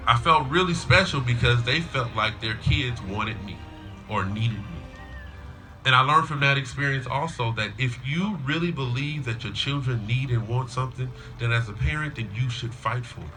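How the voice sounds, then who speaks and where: A man's voice: medium pitch, lively intonation, moderate pace, sharp tone, faint music behind. A middle-aged man, a school coach, giving a storytelling graduation speech to students and parents. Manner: storytelling, acts out a child's whiny voice in quotes.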